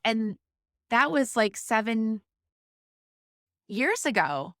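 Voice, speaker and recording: Her pitch is lowish and her intonation fairly even, delivered at a moderate pace in a clear, resonant, fairly bright voice. She's a woman in her forties guesting on a podcast, talking openly about parenting and sobriety with frequent restarts and fillers, in the style of a conversational interview. There's no echo, just clean studio audio.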